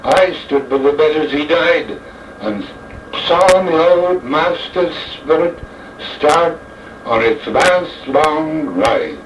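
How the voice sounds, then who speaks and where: A man giving a dramatic verse recitation in the voice of an old jockey, with a theatrical, slow and deliberate delivery, in an echoey, distant, dull old recording. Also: fairly high pitch, expressive, a little hiss or hum.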